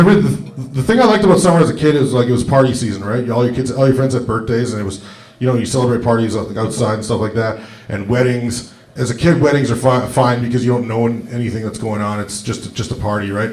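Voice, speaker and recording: Guy doing standup, rambly and casual, mid voice, echoey club sound from far back. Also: mid-range voice. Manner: casual, rambling, frequent "right?" asides. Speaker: stand-up comedian. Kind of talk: stand-up comedy set. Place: comedy club stage before a live audience.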